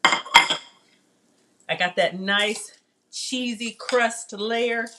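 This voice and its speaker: A woman's voice: on the high side, very slow, heavy background noise. A woman hosting a casual live cooking stream from her home kitchen, chatting animatedly with viewers. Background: cutlery and dish clatter.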